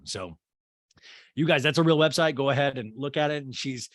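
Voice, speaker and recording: A man's voice: mid-range voice, lively intonation, normal speed, dry recording. A man hosting a podcast, recapping a show in a chatty, profane, incredulous way. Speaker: podcast host. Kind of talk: casual comedic recap.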